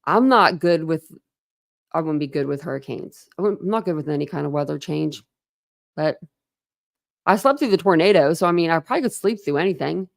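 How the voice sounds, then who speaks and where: A woman's voice: low-pitched, lively intonation, brisk, creaky. A woman from Ohio hosting a casual livestream chat, talking in a chatty, rambling way with many fillers. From Ohio, USA. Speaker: livestream host.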